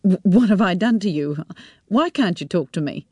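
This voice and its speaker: A woman's voice: lowish voice, expressive, normal speed, a little mellow, husky, no echo, studio quality. Woman reading a puzzled, defensive young man.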